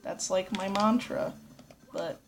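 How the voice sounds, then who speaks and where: A woman's voice: mid-range voice, slow, a little hiss or hum. A woman giving casual, rambling let's play commentary, swearing a lot. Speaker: gameplay commentator.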